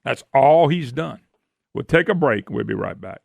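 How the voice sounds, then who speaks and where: Male talk radio host, folksy and sarcastic, gravelly voice with lively swoops, dry studio mic. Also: mid-range voice, normal speed, no room sound. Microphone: studio microphone.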